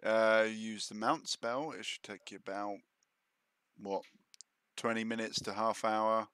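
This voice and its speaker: A man acting as game master at a tabletop session, answering players' questions in an offhand, relaxed way. His voice has a bright, forward edge. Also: fairly low pitch, measured pace, clear, resonant tone.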